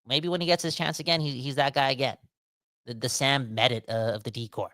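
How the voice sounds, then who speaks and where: A man hosting a casual sports podcast, talking in a rambling, animated way that keeps interrupting itself. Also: mid-range voice, brisk, no room sound. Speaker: podcast host.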